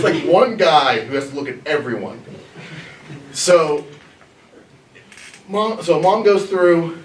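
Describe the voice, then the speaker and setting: A man's voice: a little high, slight background noise. A young man from Missouri in the US tells a comedic story onstage in a small theater, laughing at his own story. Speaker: improv performer telling a story. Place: small black box theater. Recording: echoey theater, from far off.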